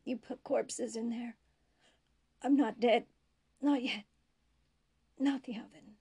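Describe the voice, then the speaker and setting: A woman voicing a dying male prisoner who pleads in a weak, breathy, whispered voice. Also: on the high side, steady tone, slow pace, warm tone, pitched above the performer's own voice, exaggerated voice. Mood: pleading.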